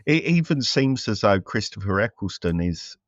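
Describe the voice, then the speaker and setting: A man's voice: fairly low pitch, very animated, moderate pace, no room sound, highs cut off. A man co-hosting a casual film review chat, rambling with many fillers and restarts. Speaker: podcast co-host.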